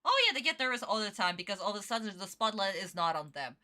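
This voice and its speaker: A woman's voice: medium pitch, very animated, fast talker, sharp tone. A young woman streaming a casual reaction chat, talking in an opinionated, emphatic way with lots of repetition. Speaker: streamer reacting to an anime episode.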